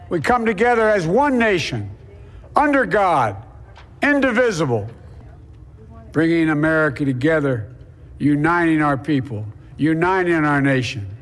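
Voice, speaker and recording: A man impersonates an aging president giving a slow, solemn address. The voice is fairly high, and a long reverb rings after each phrase. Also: fairly bright tone, heavily acted. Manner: slow, halting oratory. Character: impression of an older male president giving a speech. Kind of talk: solemn political speech parody.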